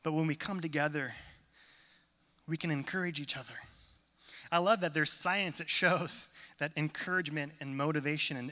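A man preaching a sermon in a church hall, conversational and self-deprecating, turning animated when he tells stories. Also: a little high. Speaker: pastor. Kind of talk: sermon with humorous storytelling. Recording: long reverb of a large hall.

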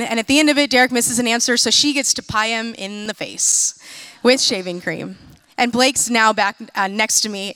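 A woman in her thirties with a fairly high voice tells lively, self-mocking stories in a sermon-style talk. She is from the United States. Her voice is close and dry. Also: clean tone, dry recording. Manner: lively, self-mocking storytelling with quick asides. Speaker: speaker.

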